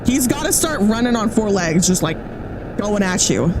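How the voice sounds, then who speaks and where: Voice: mid-range voice, lively intonation, moderate pace, background noise. A streamer chatting casually and jokingly while reacting to a video, often laughing and rambling.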